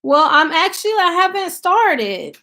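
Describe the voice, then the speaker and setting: High-voiced woman with a country accent. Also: sing-song, unhurried, pushed and bright. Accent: American country. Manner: chatty and loose, thinks aloud with many fillers. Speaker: YouTube channel host. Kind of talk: casual live-stream chat, reading viewer comments aloud.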